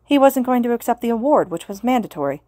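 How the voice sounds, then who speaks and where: A woman's voice: on the high side, expressive, fast talker, mellow, dry recording, clean studio sound, pitched above the performer's own voice, close to an everyday voice. A woman reading a cold, dismissive woman teacher. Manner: dismissive, matter-of-fact.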